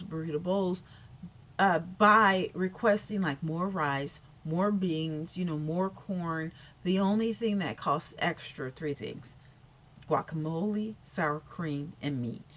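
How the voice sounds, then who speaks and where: In dull lo-fi audio, a middle-aged woman with a lowish voice tells a casual story-time vlog. She rambles, piling on fillers and restarts while acting out every exchange.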